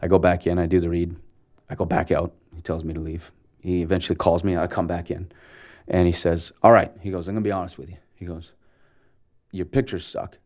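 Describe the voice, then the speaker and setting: A man in his forties from Canada, a guest telling an animated story of his start as an actor and acting out the dialogue as he goes. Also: low voice, a little fast. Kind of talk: casual storytelling interview.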